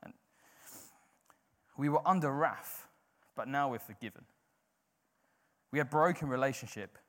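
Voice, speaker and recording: A man's voice: medium pitch, measured pace, a bit bright. Informal, conversational male preacher. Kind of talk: sermon.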